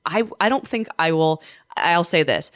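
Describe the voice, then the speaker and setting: A woman co-hosts a casual chat podcast in a low, smooth, resonant voice. She is supportive and blunt, and she chimes in with quick affirmations. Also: animated. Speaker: podcast co-host.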